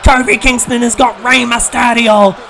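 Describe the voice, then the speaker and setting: A man giving excited, shouted commentary on a wrestling video game during a live stream, laughing often. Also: very high-pitched, normal speed, a faint crowd.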